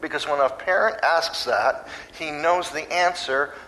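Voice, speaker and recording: A man preaching a sermon in a conversational, animated way, now and then acting out voices. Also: fairly high pitch, a little slow, a little hiss or hum, rough recording.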